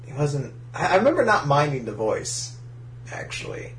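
A man co-hosting a podcast, giggly, excitable and profane in casual chat. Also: a little high, moderate pace, a little hiss or hum. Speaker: podcast co-host. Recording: roomy echo.

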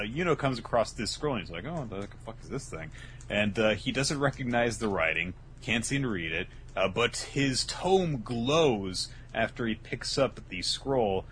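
A man's voice: on the low side, a bit bright, a little hiss or hum. A man co-hosting a casual comedic podcast, swearing freely and acting out lines in exaggerated voices. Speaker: podcast co-host.

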